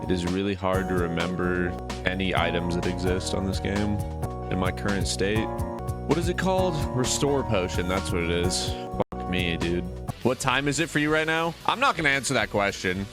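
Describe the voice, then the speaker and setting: A man's voice: deep voice, lively intonation, normal speed, over loud music. A man in his twenties, tired from little sleep, chatting with his stream viewers in a rambling, sarcastic way. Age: 20s. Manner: rambling, sarcastic banter, reads chat aloud. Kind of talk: casual livestream chat with viewers.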